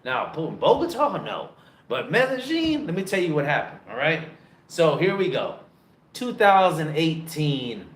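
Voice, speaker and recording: An American man telling travel stories to camera in a loud, profane, animated way, recorded on a phone in a dim room. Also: echoey room. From United States. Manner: loud, profane and animated, with big pitch jumps. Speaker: travel vlogger. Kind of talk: casual storytelling to camera.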